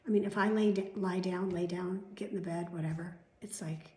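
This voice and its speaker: A woman venting in a casual vlog, swearing freely and swinging between loud outbursts and whispered asides, a little chesty. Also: lowish voice, fairly even intonation, fairly quick, echoey room. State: coughing, chesty. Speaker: vlogger.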